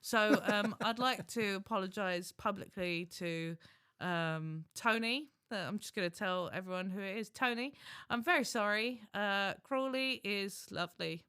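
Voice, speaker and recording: A man's voice: sits high, unhurried, bright, forceful tone, clean tone, dry recording, clean studio sound. A man co-hosting a podcast, chatting casually in a rambling, self-mocking way with restarts. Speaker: podcast co-host. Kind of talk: casual chat.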